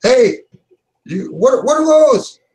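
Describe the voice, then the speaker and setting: A man voicing a reckless, excitable male pilot who talks with carefree bravado. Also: extremely high pitch, takes it slowly, pitched above the performer's own voice, full character voice. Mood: alarmed. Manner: loud, drawling, carefree bravado.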